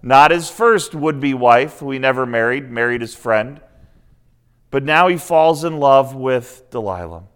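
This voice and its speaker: A man's voice: mid-range voice, expressive, a little slow, fairly bright tone, clear, resonant tone. A man giving a sermon, retelling a scripture story in a conversational way with asides to the listeners. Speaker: preacher.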